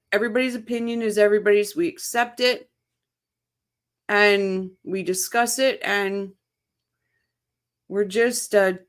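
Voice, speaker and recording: A woman hosting a casual livestream, chatting excitedly, laughing often and reading viewer comments aloud. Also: medium pitch. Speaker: livestream host. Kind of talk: casual live-chat commentary.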